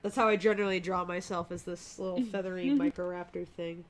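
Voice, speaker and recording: A woman's voice: lowish voice, brisk, a crowd in the background. A woman artist on a live stream, chatting casually while she sketches, gushing and laughing often.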